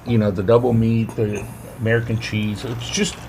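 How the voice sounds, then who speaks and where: A man co-hosting a podcast, telling stories in a relaxed, joking way and calling his friend dude. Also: fairly low pitch, normal speed, vocal fry, noisy background. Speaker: podcast co-host. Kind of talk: casual chat.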